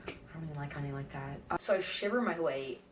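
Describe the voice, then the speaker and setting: A woman vlogging from a hotel room, telling her travel stories in a chatty, animated way, with whispered asides now and then. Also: deep voice, fast, recorded from a distance, a little hiss or hum. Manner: chatty, animated, acts out quoted lines, drops into whispered asides. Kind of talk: casual travel vlog storytelling.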